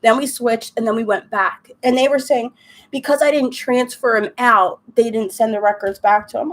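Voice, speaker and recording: A woman's voice: a little high, fairly even intonation, normal speed. A young woman chatting on a live stream, ranting in an exasperated, chatty way. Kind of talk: casual chat while crafting.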